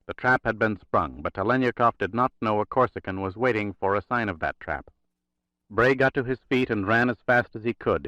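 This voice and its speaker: A man narrating a thriller audiobook in a steady, measured reading. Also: fairly low pitch, no echo. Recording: dry, slightly dull recording.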